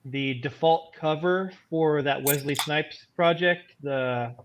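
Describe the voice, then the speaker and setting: A man who writes comics, chatting in a halting, laid-back way on a live show. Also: on the high side, a little hiss or hum. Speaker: comic book writer, co-host. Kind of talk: casual chat.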